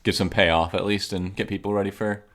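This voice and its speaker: Deep-voiced man chatting casually. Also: little pitch movement, brisk, fairly bright tone. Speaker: podcast guest. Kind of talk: casual review chat.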